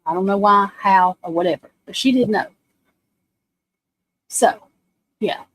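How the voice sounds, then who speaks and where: A woman's voice: mid-range voice, measured pace, a bit bright, poor audio. Blunt, rambling woman in her forties. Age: 40s. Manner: rambling, blunt and profane storytelling, addresses viewers as y'all. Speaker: livestream host. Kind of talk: casual chat on a livestream.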